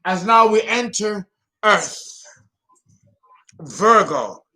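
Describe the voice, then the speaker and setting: A man's voice: high-pitched, animated, extremely slow, sharp tone. A man hosting an astrology channel, talking casually and theatrically, often exclaiming and laughing at himself. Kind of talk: casual solo astrology talk.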